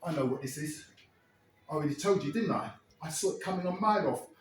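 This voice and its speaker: A man's voice: fairly high pitch, lively intonation, fast talker, slight background noise. A man performing a crude, wry monologue as a storyteller in a live one-man show. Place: stage at a live club. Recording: echoey room, mic far off.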